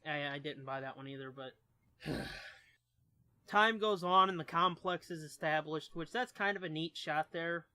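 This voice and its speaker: A man's voice: fairly high pitch, moderate pace, bright, forceful tone. A man co-hosting a podcast, chatting casually about comics, laid-back and swearing freely. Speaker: podcast co-host. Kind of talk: casual comic-book review chat.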